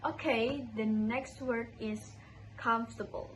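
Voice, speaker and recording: A woman's voice: fairly high pitch, fairly even intonation, takes it slowly, a little hiss or hum, poor audio. A young woman with an Indonesian accent presents a class assignment, carefully repeating words as she practises them. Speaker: student.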